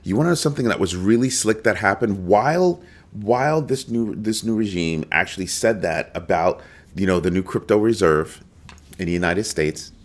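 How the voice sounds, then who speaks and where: A man with a very low, deep voice hosts a live crypto stream. He talks in an emphatic, animated way and calls out to viewers in the chat as he goes. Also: normal speed. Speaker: crypto show host.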